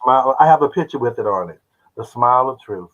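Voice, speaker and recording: A man in his seventies from Oklahoma, a guest who tells animated stories and acts out the voices of people he quotes. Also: medium pitch, fast talker. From Oklahoma, United States. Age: 70s. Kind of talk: casual interview storytelling. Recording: dull lo-fi audio.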